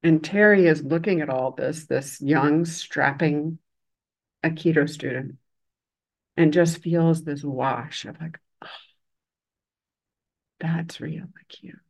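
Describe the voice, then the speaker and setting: A reflective Buddhist teacher and chaplain tells a teaching story. The voice sits at a mid pitch. The delivery is measured and gently emphatic. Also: rough recording. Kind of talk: dharma talk with storytelling.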